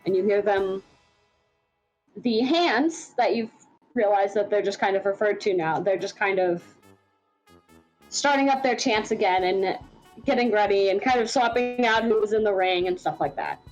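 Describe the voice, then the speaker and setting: A woman's voice: mid-range voice, normal speed, darkish tone, faint music behind, low-quality recording. A woman running a tabletop game as game master, narrating in a rambling way with many fillers.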